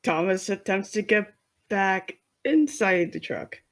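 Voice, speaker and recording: A tabletop role-playing player talks casually and at an unhurried pace. They keep asking questions about what is going on in the game. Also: medium pitch, lively intonation. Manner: unhurried, questioning, laughing easily.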